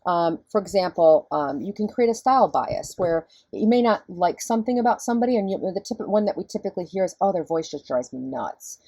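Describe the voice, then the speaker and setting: A middle-aged woman professor with a low, husky voice, giving a conversational recorded lecture and explaining things step by step. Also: a little fast, few pauses, darkish tone, dry recording.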